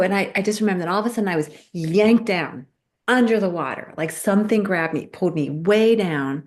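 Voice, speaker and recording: A middle-aged woman in casual podcast chat, telling a story with animated storytelling and acting out quoted voices. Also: mid-range voice, a little fast.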